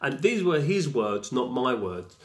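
A man's voice: mid-range voice, big pitch swings, a little slow. A man chatting casually as a podcast co-host, telling a story in a rambling way full of restarts. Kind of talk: casual chat. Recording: roomy echo.

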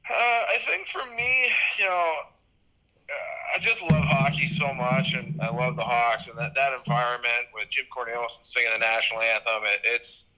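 A man's voice: mid-range voice, moderate pace, sharp tone, poor audio. A man in his thirties chatting as a podcast guest, rambling with restarts and fillers. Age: 30s. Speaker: podcast guest, sports media host. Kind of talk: casual interview chat.

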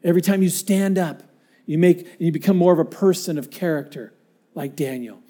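High, mellow-voiced male preacher. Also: a little fast. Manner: dynamic, swinging from hushed to emphatic; earnest storytelling with acted-out quotes. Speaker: pastor. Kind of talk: sermon.

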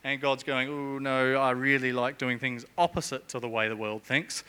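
A man's voice: medium pitch, steady tone, normal speed, sharp tone, clear, resonant tone. A middle-aged man preaching a sermon in a church, chatty and jokey, with humorous asides.

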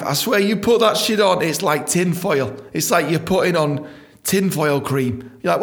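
A young man, telling a rambling, profane comic story as a podcast host. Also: moderate pace. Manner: profane, animated storytelling with sudden high-pitched voices.

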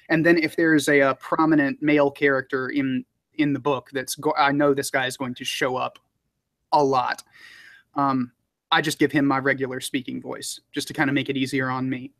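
A man's voice: mid-range voice, dry recording. A man who narrates audiobooks, talking casually in an interview with many fillers and small laughs. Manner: relaxed, rambling, frequent fillers and laughs.

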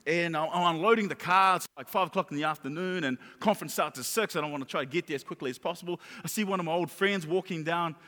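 A man's voice: a little high, quick pace, few pauses. A man preaching a sermon as a pastor, telling stories animatedly and repeating phrases for emphasis. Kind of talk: sermon with storytelling. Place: large church hall. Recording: reverberant church hall with live guitar. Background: soft guitar music.

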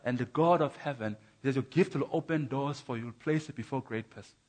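A man's voice: mid-range voice, a little fast. Emphatic preacher man. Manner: emphatic, rhythmic contrasts, stammering repeats. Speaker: preacher giving his testimony. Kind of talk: sermon. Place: church.

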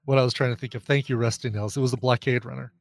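A man's voice: medium pitch, fairly even intonation, racing, gravelly, no room sound. A man co-hosting a podcast in casual chat, laughing often and restarting his sentences. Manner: laughing, hesitant, full of restarts. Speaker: podcast co-host.

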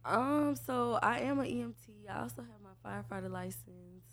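A shy, soft-spoken woman in her twenties from Jacksonville, Florida, answering hesitantly as a podcast guest. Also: on the high side, normal speed. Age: 20s. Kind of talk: casual podcast chat.

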